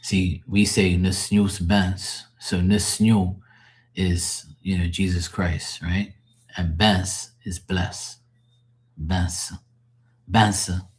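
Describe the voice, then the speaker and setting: Man, very low voice, casual rambling livestream chat, lots of fillers. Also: flat delivery, very slow. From born in the country of the stream, Portuguese family. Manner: rambling, filler-heavy, explains words to chat. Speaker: livestream tarot reader.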